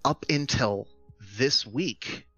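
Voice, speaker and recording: A man's voice: mid-range voice, slow pace, sharp tone, muffled recording, soft background music. A man co-hosting a casual podcast, enthusiastically explaining tools step by step. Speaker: podcast co-host presenting game news.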